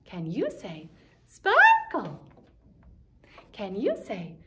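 A woman teaching a kindergarten music lesson, chanting rhymes in a sing-song way and squealing high train whistles. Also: huge pitch swings, drawn-out words, very noisy.

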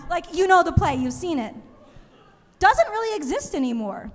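A young woman doing a stand-up comedy set, telling animated stories and acting out other people's voices. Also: very high-pitched, moderate pace. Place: comedy stage in a museum venue. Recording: live show in a reverberant hall.

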